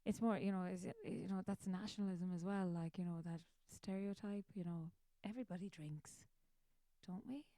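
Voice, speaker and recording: An Irish woman hosting her own show in a loose, chatty ramble, poking fun at herself as she goes. Her voice is mellow and warm, recorded dry and close. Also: on the low side, steady tone, moderate pace, no echo. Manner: rambling, chatty, self-mocking. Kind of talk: casual chat.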